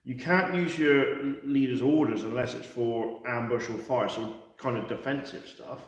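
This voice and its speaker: A man's voice: mid-range voice, moderate pace, lo-fi sound. Chatty man in an echoey room. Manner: chatty, rambling, jokey. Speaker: co-host of a wargaming chat. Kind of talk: casual chat. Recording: roomy echo, mic at a distance.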